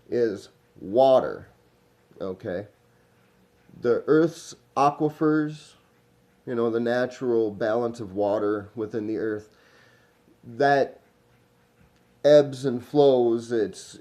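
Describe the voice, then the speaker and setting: Guy, loose rambling vlog monologue, warm low-key tone, drifts and trails off. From Minnesota. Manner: meandering, smoking while talking, trailing off. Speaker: vlogger.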